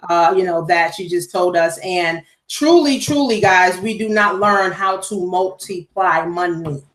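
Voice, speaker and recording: A woman's voice: fairly low pitch, unhurried, reverberant, rough recording. A woman moderating a panel call, affirming and encouraging the speakers. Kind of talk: hosting a conference call.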